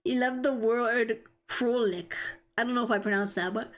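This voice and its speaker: Giggly chatty young woman streamer. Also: on the high side. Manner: giggly, chatty, reads chat aloud. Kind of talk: casual live-stream chat.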